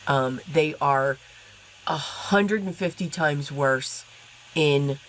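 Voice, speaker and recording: A woman's voice: sits low, slow pace, slight background noise, low-quality recording. A woman with a stuffy nose from allergies, chatting casually as she explains her card-making while she works. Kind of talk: casual crafting tutorial.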